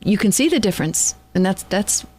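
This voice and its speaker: A woman co-hosting an interview, encouraging the guest and adding her own thoughts in a measured way. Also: medium pitch, big pitch swings, a little mellow. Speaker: co-host. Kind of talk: conversational interview.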